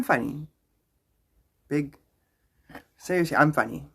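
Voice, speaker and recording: Lively rambling male livestreamer. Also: medium pitch, normal speed, vocal fry. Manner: rambling, joking, greets viewers by name. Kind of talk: casual live-stream chat with viewers.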